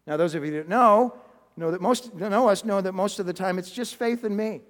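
A man preaching a sermon, telling a story with animated swings and dropping almost to a whisper for emphasis, with a chuckle and some restarts. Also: sits high, moderate pace. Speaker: pastor. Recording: long hall reverb.

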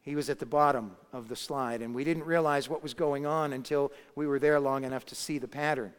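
A man's voice: mid-range voice, steady tone, brisk, clear, resonant tone. Man preaching in a reverberant hall. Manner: storytelling, rising to emphatic peaks. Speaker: pastor. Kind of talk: sermon.

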